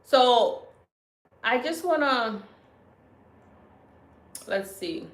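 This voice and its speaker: A woman's voice: mid-range voice, animated, drawn-out words, long pauses, a bit bright. A woman from Haiti, whose first language is Haitian Creole, hosting a hospice livestream, reading viewer comments and talking to them affectionately as her beautiful people. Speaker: hospice channel host.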